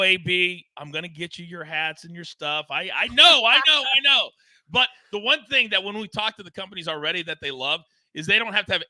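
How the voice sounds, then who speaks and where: A man's voice: fairly high pitch, pushed and bright, no room sound. A man hosting a sports betting show, talking in hyped, emphatic banter and repeating phrases for effect. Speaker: show host.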